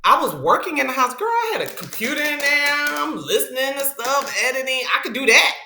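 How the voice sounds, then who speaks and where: A woman's voice: sits high, very animated, fairly quick, sharp tone, roomy sound, a little hiss or hum. A middle-aged woman, a radio personality, telling a personal story in a casual interview and acting out the people she quotes.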